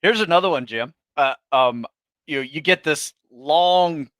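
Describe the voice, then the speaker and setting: A man co-hosting a podcast in casual chat, telling his story in a brisk, matter-of-fact way. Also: fairly high pitch, fairly bright tone, no echo, clean studio sound. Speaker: podcast co-host.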